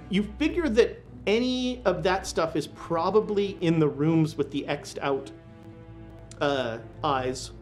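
A woman with a lowish voice runs a tabletop horror game, describing scenes in a loose, chatty way full of ums and likes. Faint music plays behind her. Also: takes it slowly. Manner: relaxed, filler-heavy storytelling. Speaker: game master.

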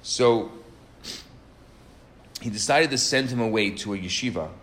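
Man, sermon, earnest, emphatic, middle pitch, tells stories. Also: measured pace, a bit bright. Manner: earnest, emphatic, varies pitch and pace for stress. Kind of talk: sermon with storytelling.

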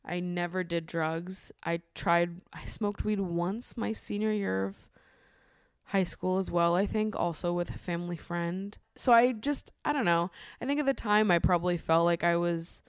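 A woman's voice: lowish voice, normal speed, smooth, dry recording, studio quality. Chatty woman podcaster, laughing and swearing. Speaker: podcast host. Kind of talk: casual solo podcast monologue.

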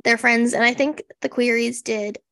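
Woman, podcast co-host, sarcastic casual chat, vocal fry, dry close sound. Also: on the high side, steady tone, moderate pace, a bit bright, no room sound. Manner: sarcastic, chatty, many fillers. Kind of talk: casual chat recapping a TV special.

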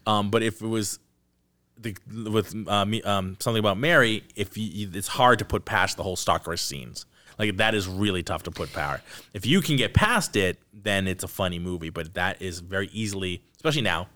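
A man hosting a relaxed podcast, talking fast and with lots of energy. His voice sits a little low. He often breaks into quick asides and restarts. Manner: animated, acts out scenes in quoted voices. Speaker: podcast host. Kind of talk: casual chat about movies.

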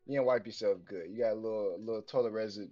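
A man's voice: on the low side, fairly even intonation, racing, mellow, muffled recording. A man co-hosting a podcast, telling long rambling stories full of slang, profanity and fillers in casual banter. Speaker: podcast co-host.

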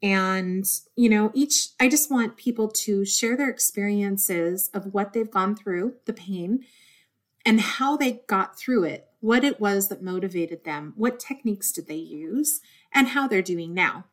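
A woman hosts her own podcast in a medium-pitched voice at a measured pace, rambling loosely in a heartfelt monologue. An adult with a desk job, she's warm and earnest and easily moved to tears.

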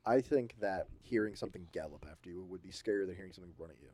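A man co-hosting a casual podcast, telling scary stories in an animated way and acting out sounds and voices. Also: low voice, rapid-fire. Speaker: podcast co-host. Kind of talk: casual chat.

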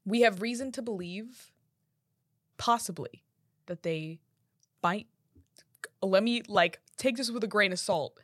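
A woman's voice: mid-range voice, unhurried, long pauses, no room sound, clean studio sound. A woman playing a tabletop game, speaking carefully and hedging her words. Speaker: player.

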